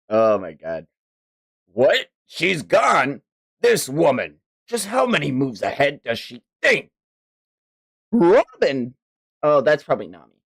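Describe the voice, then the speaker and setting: A woman streaming a live reaction, excitable and swearing, with many gasps and exclamations. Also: deep voice, slow, pauses often, breathy edge. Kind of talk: live reaction to a manga chapter.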